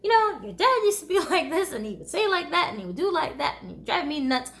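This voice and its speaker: A woman voicing her own ranting, nagging middle-aged mother in a storytime vlog, shrill and accusatory. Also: very animated, fast talker, fairly bright tone, heavily acted. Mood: scolding.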